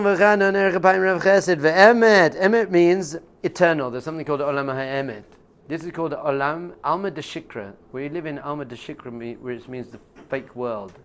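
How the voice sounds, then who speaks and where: A man teaching as a rabbi in an informal class, conversational and jokey, often laughing and acting out quotes. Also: mid-range voice.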